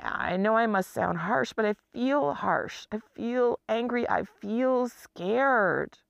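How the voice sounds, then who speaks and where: A woman's voice: mid-range voice, gravelly, no room sound, highs cut off. An exhausted woman speaking bluntly and emotionally about her own life, sometimes dropping to a near whisper. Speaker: chronically ill person speaking to camera. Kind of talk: candid personal monologue.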